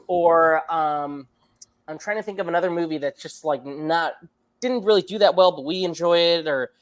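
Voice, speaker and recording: A man with a fairly high voice co-hosts a movie review podcast at a moderate pace. He talks casually and rambles, full of fillers and restarts.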